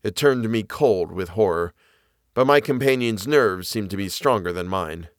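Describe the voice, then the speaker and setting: Man reading a classic novel, expressive narration, animated pitch, dry close sound. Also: moderate pace, no echo. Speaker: audiobook reader.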